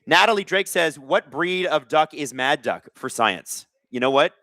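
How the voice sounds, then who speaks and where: A man's voice: fairly high pitch, unhurried, no echo, studio quality. A man in his thirties from Canada hosting a live hockey watch-along, calling plays casually and joking while reading out chat. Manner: jokey, reads chat aloud, bursts of excitement.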